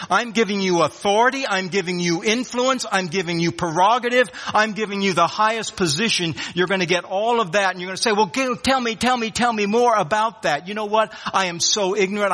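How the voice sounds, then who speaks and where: A man preaching a sermon, earnest and emphatic, dropping from loud declarations to hushed tones. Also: sits high. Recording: long hall reverb.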